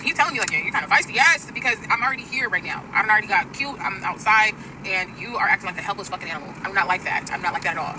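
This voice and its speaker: Fast-talking woman ranting over traffic. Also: medium pitch, recorded from a distance. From US Pacific Northwest. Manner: fast, profane, exasperated. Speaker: storyteller in stitched clip. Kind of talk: casual storytime rant. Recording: street traffic noise behind.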